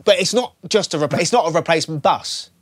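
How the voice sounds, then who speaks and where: Young guy on radio, slightly high voice, dry close sound, acts out every bit of his story. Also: quick pace, dry recording. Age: 20s. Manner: animated storyteller acting out dialogue. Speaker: radio co-host. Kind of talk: casual radio chat, anecdote.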